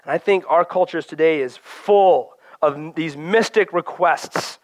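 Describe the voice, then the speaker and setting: A man's voice: on the high side, a little slow, dry recording. A man preaching a sermon in an earnest, conversational way, often acting out quoted voices and prayers.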